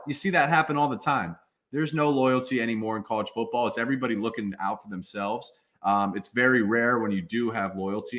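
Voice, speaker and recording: A man's voice: on the low side, fairly bright tone. A man in his twenties, a former football player, talking emphatically as a guest in a casual interview.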